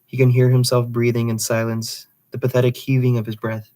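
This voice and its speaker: A man's voice: mid-range voice, completely flat delivery, brisk, warm tone. A man reading a literary novel aloud, with occasional slips and restarts. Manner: reads dialogue plainly, with slips and restarts. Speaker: reader.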